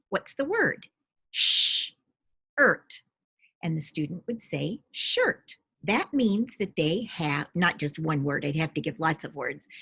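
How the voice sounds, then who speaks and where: A middle-aged woman, a reading expert, patiently explaining reading skills to parents and slowly sounding out parts of words. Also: on the low side, slightly rough, dry recording.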